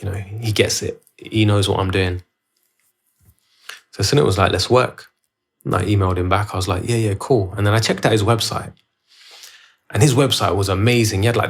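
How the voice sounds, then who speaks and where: A man hosting his own podcast, telling a story in a rambling, loose way with many restarts. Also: on the low side. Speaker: podcast host. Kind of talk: casual solo podcast storytelling. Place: at home, filming himself.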